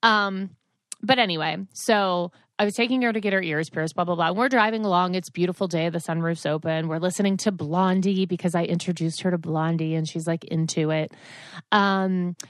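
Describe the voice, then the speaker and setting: A woman's voice: on the low side, fairly even intonation, a little fast, no echo. A woman in her forties hosting a podcast, telling a rambling story in a chatty, casual way with plenty of asides. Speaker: podcast host.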